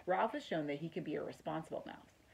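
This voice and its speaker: A woman's voice: sits low, quick pace, vocal fry, darkish tone, a little hiss or hum. A woman voicing a hearty old uncle mouse. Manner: bluff, hearty.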